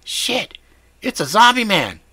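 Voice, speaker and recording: A man's voice: fairly high pitch, normal speed, no room sound, pitched above the performer's own voice, heavily acted. A man doing a jittery, cursing sidekick buddy. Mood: shocked. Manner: excitable, swearing, talks over the speaker. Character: foul-mouthed jittery male sidekick.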